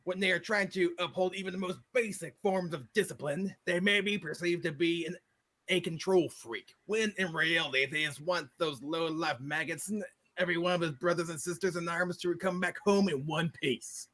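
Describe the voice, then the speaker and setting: A man's voice: fairly high pitch, normal speed, fairly bright tone. A man co-hosting a tabletop gaming podcast, reading out a character concept in a casual chat. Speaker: podcast co-host.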